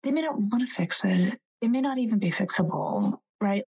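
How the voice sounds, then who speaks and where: Husky-voiced woman telling lively stories. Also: mid-range voice, moderate pace, low-quality recording. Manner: animated storyteller, acting out quoted voices. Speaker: psychologist and author, guest. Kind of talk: conversational podcast interview.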